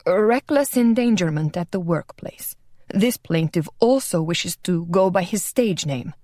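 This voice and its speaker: Lady narrator playing a jittery male secretary, low hushed stammery reading, dry sound. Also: expressive, unhurried, no room sound. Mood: nervous formal. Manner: hesitant, stammering formal reading. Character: nervous, fumbling male court secretary.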